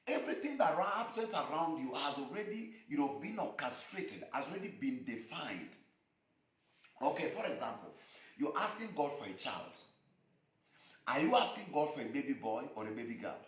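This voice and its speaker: A man's voice: mid-range voice, very animated, moderate pace, roomy sound. A man preaching a sermon broadcast alone, repeating phrases with an emphatic cadence. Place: room alone.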